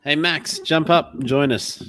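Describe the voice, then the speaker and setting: A man's voice: on the high side, slow pace, fairly bright tone. A man co-hosting a livestream in a chatty, jokey, easygoing way. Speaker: livestream co-host. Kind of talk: casual chat.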